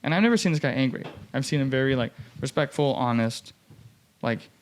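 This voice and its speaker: A man's voice: medium pitch, brisk. A young man hosting a podcast, telling a story in casual chat and acting out the people he quotes, with many fillers. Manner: animated, acts out quoted voices, many "like" fillers.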